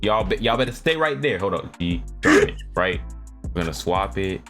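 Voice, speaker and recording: Young male podcast co-host, low voice with plenty of movement, rambling casual chat, faint music bed. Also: expressive, normal speed, a bit bright. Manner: laid-back, rambling, laughs often. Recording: light background music.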